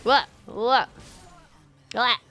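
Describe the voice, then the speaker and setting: A woman's voice: a little high, drawn-out words, a bit bright, soft background music. A woman streaming a video game live, chatting playfully and talking back to the game as she plays. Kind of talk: live gaming commentary.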